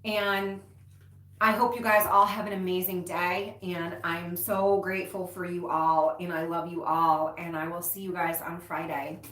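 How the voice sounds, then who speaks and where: A woman's voice: on the low side, little pitch movement, a little slow, fairly bright tone. A woman hosting a casual livestream, talking to her viewers frankly and emotionally and swearing casually. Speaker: livestream host, recovery coach. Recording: roomy echo, distant mic.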